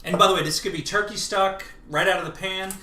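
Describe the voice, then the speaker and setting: A man's voice: sits high, fairly even intonation, fast, bright, forceful tone. Joking man hosting a kitchen cooking show. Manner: chatty, joking, explaining steps. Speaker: host. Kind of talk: live cooking show chat. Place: home kitchen. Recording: echoey kitchen, mic at a distance.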